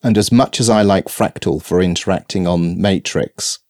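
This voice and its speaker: A man co-hosting a podcast, chatting casually and enthusiastically about software he loves. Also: low voice, normal speed, dry recording, clean studio sound. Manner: enthusiastic, effusive. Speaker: podcast co-host. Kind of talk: casual tech chat.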